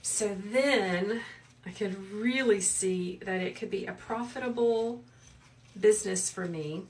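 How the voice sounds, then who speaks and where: A woman, hosting a live wreath-making tutorial in a soft, soothing, chatty way while she reads out viewers' comments. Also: medium pitch, takes it slowly, distant mic. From South Carolina. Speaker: wreath maker and livestream host. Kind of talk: live craft tutorial chat.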